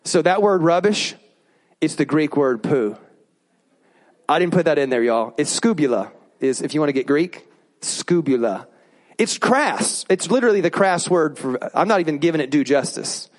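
A male pastor giving a sermon in an animated, joking way, prompting the congregation to repeat words back. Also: a little high, normal speed.

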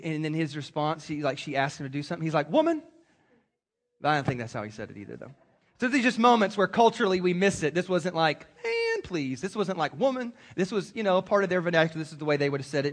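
A man preaching a sermon to a congregation, animated and acting out quoted voices. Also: fairly high pitch. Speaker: pastor.

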